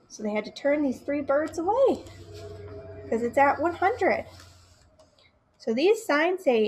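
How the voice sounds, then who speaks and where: With a high voice and a moderate pace, a young children's librarian reads a picture book at storytime. She's animated in her delivery, talks straight to the kids, and asks them questions along the way.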